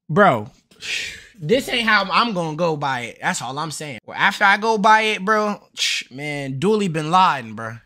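A man's voice: a little high, sing-song, moderate pace, bright, forceful tone. A young man streaming a reaction, mocking the clip in slangy, laughing casual talk.

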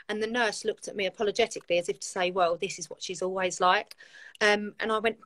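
A woman's voice: mid-range voice, steady tone, quick pace, a bit bright. A woman, a guest on a live video chat, telling her own story in a candid, heartfelt way. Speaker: guest, community founder.

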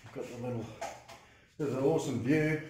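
A man's voice: mid-range voice, brisk, noisy background. Laid-back Australian man, vlogging. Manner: laid-back, chatty, says "mate" and "no worries". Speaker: travel vlogger. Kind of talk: casual travel vlog narration. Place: outdoors in a moving tuk-tuk, street traffic.

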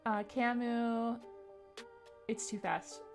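A woman's voice: fairly high pitch, sing-song, extremely slow, soft background music. A woman game streamer chatting casually with her viewers, upbeat and giggly, rattling off names from the chat.

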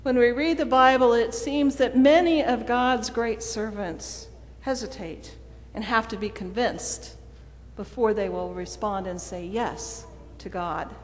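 A woman's voice: fairly high pitch, a little slow, slight background noise. Woman preaching in a reverberant church. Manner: storytelling, voices quoted dialogue. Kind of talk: sermon. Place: church sanctuary.

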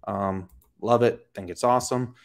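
A man's voice: on the low side, fairly even intonation, normal speed, gravelly. A man giving casual fitness commentary from home, blunt and profane, breaking into sarcastic mocking asides. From Florida. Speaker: fitness coach. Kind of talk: casual talking-head commentary.

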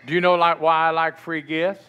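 A man's voice: fairly high pitch, flat delivery, normal speed, clear, resonant tone, dull audio. A middle-aged male pastor preaching a sermon in a church, talking conversationally and often asking the congregation questions. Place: church sanctuary.

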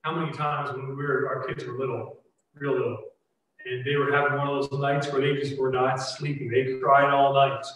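A man's voice: mid-range voice, level tone, normal speed, fairly bright tone, a little hiss or hum. A man in his forties preaching a sermon, earnest and conversational, full of rhetorical questions. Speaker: pastor. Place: church sanctuary. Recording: echoey church hall, mic heard from a distance.

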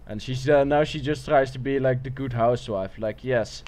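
A man's voice: medium pitch, normal speed, a little mellow. A man giving casual, joking gameplay commentary, irreverent and profane. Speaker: let's play gamer.

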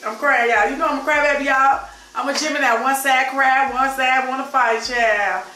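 Bubbly high-voiced woman in her fifties with a Chicago accent. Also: fairly even intonation, moderate pace, bright, forceful tone, recorded from a distance, a little hiss or hum. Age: 50s. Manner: effusive, chatty, keeps saying y'all. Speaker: vlogger. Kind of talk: casual chat to camera. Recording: echoey room, voice from off-mic.

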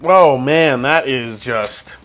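Bright-voiced New man reviewing whiskey. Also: medium pitch, takes it slowly, faint music behind. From New York. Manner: chatty, many fillers like "like" and "uh"; excitable tasting reactions. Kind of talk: casual tasting review.

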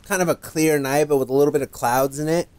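A man's voice: on the high side, steady tone, quick pace, a little mellow, smooth, no echo. A man hosting a casual gameplay video, talking hesitantly with lots of fillers and reading on-screen text aloud. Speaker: host.

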